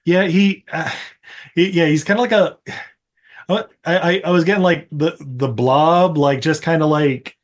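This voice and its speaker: A man's voice: on the high side, measured pace. A man co-hosting a podcast, casually recapping a movie with frequent laughs and acted-out bits. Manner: rambling, laughs often, acts out scenes. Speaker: podcast co-host.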